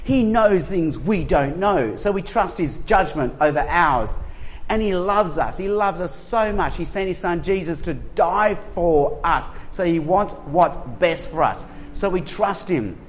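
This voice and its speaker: A high-voiced Australian man in his forties delivers a sermon with lively, humorous energy. He jokes with the congregation and acts out the voices in his stories. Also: unhurried. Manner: animated, humorous storytelling. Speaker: pastor.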